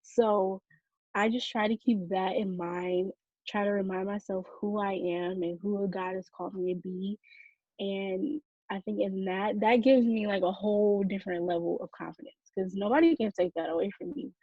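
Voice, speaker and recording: Southern woman guest in her twenties; husky, unhurried, earnest; dry, muffled sound. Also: mid-range voice, steady tone, dry recording. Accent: Southern American. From American South. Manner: slow, thoughtful, earnest. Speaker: podcast guest. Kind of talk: interview answers.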